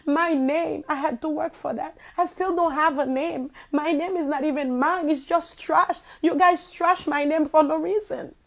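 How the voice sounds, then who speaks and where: A woman's voice: sits high, steady tone, moderate pace, hardly any pauses. A woman from Haiti with a Haitian accent, delivering an impassioned personal monologue, distraught and near tears, pleading and repeating herself. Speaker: singer.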